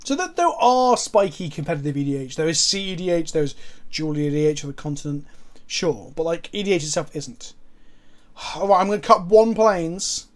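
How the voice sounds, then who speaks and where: Swearing, excitable man streaming a game. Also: a little high, moderate pace. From England. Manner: swears a lot, excitable, sarcastic. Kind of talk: casual game-stream commentary.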